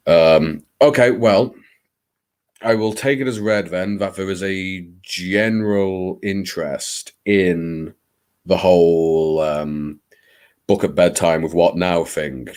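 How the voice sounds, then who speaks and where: A man's voice: deep voice, darkish tone. A man hosting a late-night live stream, chatting in a theatrical, rambling, self-mocking way.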